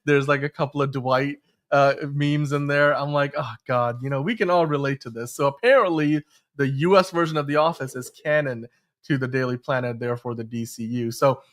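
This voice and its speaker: A man's voice: mid-range voice, brisk. Chatty male show host. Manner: chatty, many fillers and restarts. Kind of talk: casual podcast chat.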